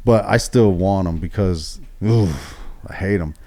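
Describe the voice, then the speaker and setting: Middle-aged man, profane animated storyteller. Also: deep voice, unhurried. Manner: profane, animated, acts out quoted dialogue. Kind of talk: casual storytelling on a podcast.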